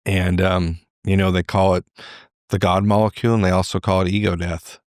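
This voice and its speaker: A middle-aged man, a podcast guest, telling a candid personal story in an animated way. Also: low voice, a little fast, no room sound, studio quality. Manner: animated, acts out quoted voices.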